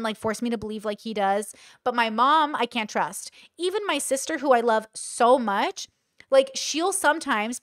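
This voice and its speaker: A woman's voice: on the high side, fairly bright tone, no room sound, clean studio sound. A woman hosting a casual commentary, talking bluntly and emphatically, swearing freely and acting out other people's quoted lines. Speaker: commentary host.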